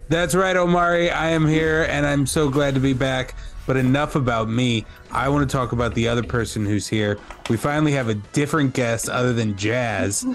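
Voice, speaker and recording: A man's voice: mid-range voice, fairly even intonation, normal speed, faint music behind. A man co-hosting a casual podcast, friendly and asking the guest questions. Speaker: podcast co-host.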